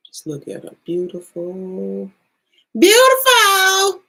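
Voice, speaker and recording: A woman's voice: lowish voice, a little slow, gravelly, a little mellow, breathy edge, rough recording. A woman giving a casual spiritual card reading to her viewers in a loose, salty, chatty way.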